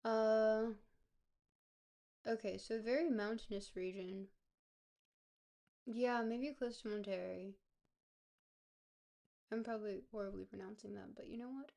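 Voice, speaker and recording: A woman streamer, hoarse and gravelly from a cold, chatting casually with her viewers and thinking aloud over a game. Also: mid-range voice, fairly even intonation, measured pace, pauses often, dark tone. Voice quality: gravelly, smoker-like. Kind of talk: casual live-stream gameplay commentary. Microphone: close desk mic.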